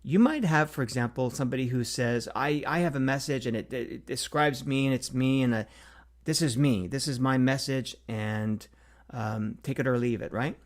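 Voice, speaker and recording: Middle-aged male host, casual solo talk, mid-pitched, loose and hesitant delivery. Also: normal speed. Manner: thinks aloud with frequent fillers and restarts. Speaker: marketing consultant hosting a Q&A series.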